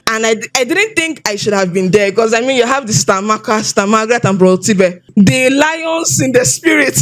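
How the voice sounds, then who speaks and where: A woman with a Nigerian English accent giving an animated, expressive personal testimony, often repeating herself as she tells her story. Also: fairly high pitch, fairly quick, hardly any pauses. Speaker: testimony speaker.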